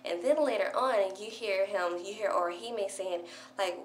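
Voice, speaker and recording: A young woman excitedly recapping a favorite show in a casual vlog, gushing and peppering her talk with "like". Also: medium pitch, normal speed. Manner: gushing, breathless fan chatter full of "like". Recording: echoey room with faint hum.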